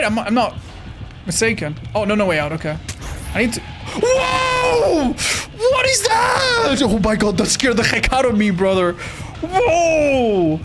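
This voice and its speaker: Male game streamer, high voice, excitable and profane, faint music under him. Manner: excitable, swears often, talks to chat. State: tired. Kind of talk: live gameplay commentary.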